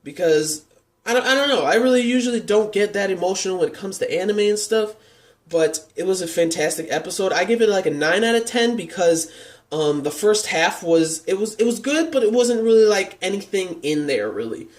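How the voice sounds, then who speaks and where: A man's voice: sits high, lively intonation, a little fast. A man giving a casual, rambling anime episode review, leaning on fillers and openly moved by what he describes. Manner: rambling, heavy on "like" and "and stuff" fillers.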